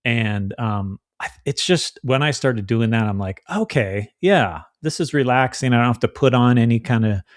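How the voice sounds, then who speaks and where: A man's voice: medium pitch, moderate pace, few pauses, dry recording, clean studio sound. A man co-hosting a podcast in casual chat, chatty and acting out the voices of people he quotes. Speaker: podcast co-host.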